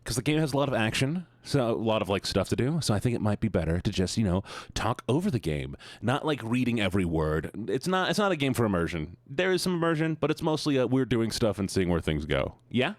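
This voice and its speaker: A man's voice: fairly low pitch, big pitch swings, fast, no room sound, studio quality. A man streaming, greeting his viewers in a playful, sing-song, teasing way. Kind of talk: casual chat greeting viewers.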